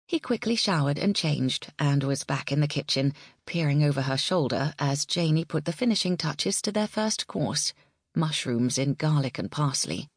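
Low-voiced woman narrating. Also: expressive, moderate pace, slightly rough, no echo, clean studio sound. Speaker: audiobook narrator. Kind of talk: scripted narration.

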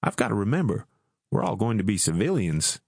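A laid-back young soldier who speaks in a slow, deliberate drawl, as a male audiobook narrator puts him on. The voice sits a little above the reader's own low tone, close and dry. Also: sing-song, gravelly, darkish tone, breathy edge, no echo, heavily acted. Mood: wry. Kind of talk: audiobook character voice.

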